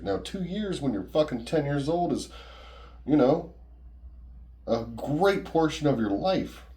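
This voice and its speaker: A man's voice: mid-range voice, warm tone. A man casually telling a personal story in a rambling, profane, conversational way.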